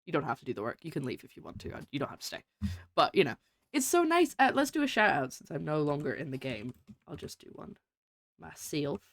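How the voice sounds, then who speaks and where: A woman's voice: deep voice, very animated, fairly quick, no room sound. A woman variety streamer chatting casually with her viewers while playing a game, welcoming and laughing often. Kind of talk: casual live-stream chat while gaming.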